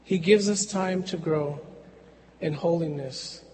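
A man preaching a sermon in a slow, measured way with long pauses, in a church. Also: fairly high pitch, a little mellow, in a large hall, a little hiss or hum, low-quality recording.

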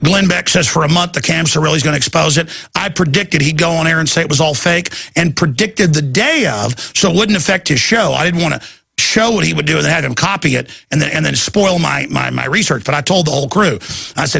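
A man rants urgently through a talk radio monologue. His voice is raspy and gravelly, with a bright, forceful push, and it sits a little higher than most. The sound is dry and close, with faint music underneath. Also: no room sound. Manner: rapid, urgent, ranting delivery. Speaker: radio talk show host.

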